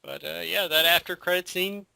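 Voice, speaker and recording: A man with a slightly high, very bright and sharp voice chats casually on a podcast. The recording is dry with no room sound, and he laughs often and fills the gaps with agreeing murmurs. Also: normal speed, vocal fry, no room sound. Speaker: podcast co-host. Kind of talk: casual chat.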